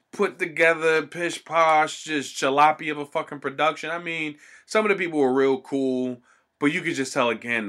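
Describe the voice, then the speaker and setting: A man's voice: medium pitch, sharp tone. A man telling stories in a casual, profane way, swearing constantly and acting out the people he quotes.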